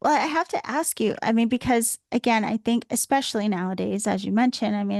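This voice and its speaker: A woman's voice: medium pitch, darkish tone, dry recording, studio quality. A woman hosting a podcast, asking a guest long questions and nodding along with short affirmations. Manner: attentive, frequent short affirmations. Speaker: podcast host.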